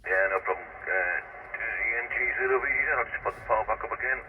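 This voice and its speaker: A man calling into an amateur radio net, chatting in a rambling, halting way over a distant radio link. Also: lowish voice, phone-quality sound. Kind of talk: casual radio chat. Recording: distant noisy radio transmission.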